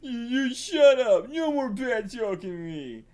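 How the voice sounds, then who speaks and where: A man voicing a dim-witted hulking male troll in slow, broken baby talk while reading manga aloud. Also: very high voice, very animated, a little mellow, pitched above the performer's own voice, full character voice. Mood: indignant.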